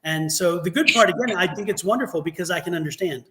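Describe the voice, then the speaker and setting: A high-voiced man chatting fast on a casual tarot livestream. He tells stories, slips into put-on voices and laughs often as he talks. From West Virginia family, East Coast. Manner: animated storyteller, quick talker who puts on Southern voices and laughs often. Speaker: tarot reader co-host.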